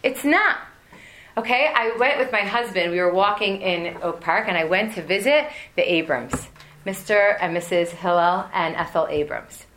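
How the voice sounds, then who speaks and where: A woman's voice: mid-range voice, moderate pace, fairly bright tone, a little hiss or hum. A woman in her forties giving a religious lesson to an audience, telling humorous family stories with many asides. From United States. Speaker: women's class teacher.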